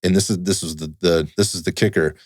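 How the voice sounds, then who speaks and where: Low-voiced man telling a story casually. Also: fast talker, no room sound, clean studio sound. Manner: animated, acts out quoted dialogue, swears casually.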